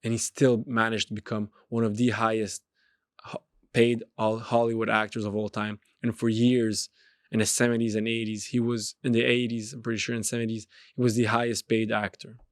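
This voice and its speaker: A man's voice: fairly low pitch, level tone, normal speed, no room sound, studio quality. A man hosting a podcast, giving an emphatic motivational monologue and repeating his phrases for effect. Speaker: podcast host and street pastor.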